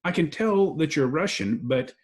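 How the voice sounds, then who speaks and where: A man's voice: a little high, animated, moderate pace. Encouraging American English tutor, man. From United States. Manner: encouraging, corrects gently with frequent praise. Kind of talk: online English lesson.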